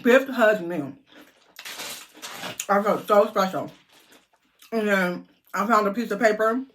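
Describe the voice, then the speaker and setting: A middle-aged woman vlogger telling a lively story to her viewers, chatty and animated. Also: medium pitch, takes it slowly.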